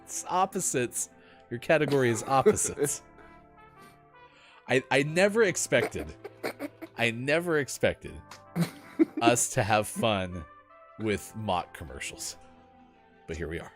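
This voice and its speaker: A man's voice: mid-range voice, takes it slowly, pauses often, faint music behind. A man hosting a casual morning gaming show, joking and reading out chat messages. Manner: joking, lively, reads chat aloud. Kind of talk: casual live-stream banter.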